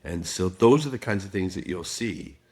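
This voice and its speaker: Middle-aged guy with a lowish voice, podcast guest telling stories, acts out quotes. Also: expressive, moderate pace, darkish tone, slightly rough. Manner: storytelling with acted quotes. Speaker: guest expert. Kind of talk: podcast interview.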